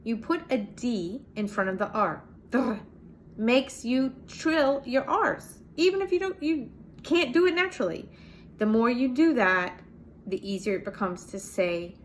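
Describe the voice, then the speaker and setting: Woman, American, language teacher, step-by-step explaining, medium pitch, faint noise behind. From United States. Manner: explains step by step, spells out letters, models pronunciations. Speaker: Spanish teacher. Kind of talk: casual video lesson.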